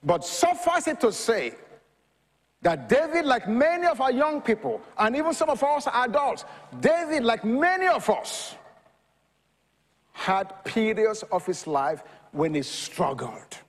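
High, lively preacher in an echoing hall. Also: male voice, unhurried. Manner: lively preaching that swings from quiet reading to loud shouting. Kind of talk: sermon.

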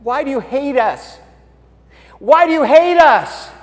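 A man's voice: extremely high pitch, animated, a little fast, a little mellow, voice pushed up. A man voicing an aging priest who pleads with God, whiny and hurt, in a reverberant hall. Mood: pleading. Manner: whiny, pleading, rising complaints.

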